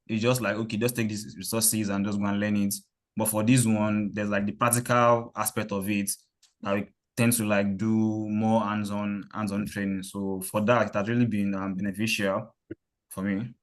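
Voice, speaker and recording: A man's voice: on the low side, flat delivery, moderate pace. A man, a student in a master's program, giving hesitant feedback on a course with many fillers and restarts. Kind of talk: casual thanks and feedback.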